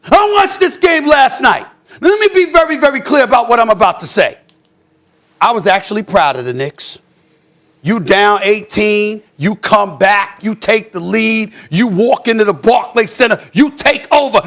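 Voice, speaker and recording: Loud ranting male sports pundit. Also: high voice, animated, moderate pace. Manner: loud, emphatic ranting, often shouting. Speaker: sports commentator. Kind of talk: heated sports debate. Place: TV studio.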